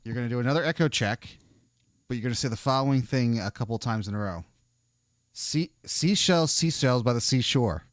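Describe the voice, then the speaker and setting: A man's voice: medium pitch, expressive, fairly quick, no room sound. Man, joking, teasing, casual chat, dry close sound. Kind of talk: casual banter.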